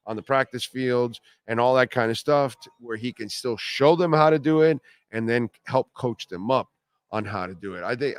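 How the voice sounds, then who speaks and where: A middle-aged man hosting a sports talk radio show, talking casually, bluntly and rambling, often repeating himself. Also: mid-range voice.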